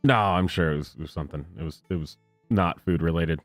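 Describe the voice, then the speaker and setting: A low-voiced man riffs sarcastically on clips he is watching, often breaking into laughter. His voice sits dry and close, with faint music under it. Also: a little fast, no room sound. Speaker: reaction video host. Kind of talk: comedic reaction commentary.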